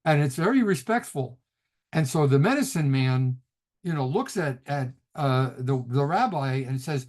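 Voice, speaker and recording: Chatty middle-aged rabbi teaching over a call. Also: male voice, a little high, lively intonation, normal speed, a little mellow. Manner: chatty storyteller, laughs often, restarts sentences. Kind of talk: casual lecture on a video call. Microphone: video call.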